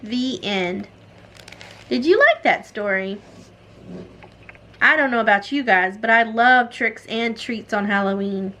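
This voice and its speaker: A woman reading a children's story aloud in a friendly, expressive way. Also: on the high side, slow, pauses often.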